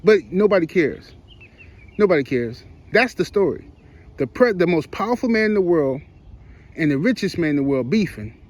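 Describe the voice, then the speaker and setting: A man's voice: high-pitched, lively intonation, moderate pace, a little mellow. A man giving heated, rambling opinion commentary for his online channel, in slangy speech with frequent restarts. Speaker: YouTube commentator.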